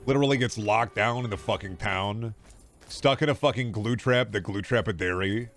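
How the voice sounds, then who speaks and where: Gravelly, profane gaming streamer. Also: male voice, on the low side, moderate pace, fairly bright tone, faint music behind. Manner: sarcastic, profane, rambling jokes. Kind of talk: casual gameplay commentary.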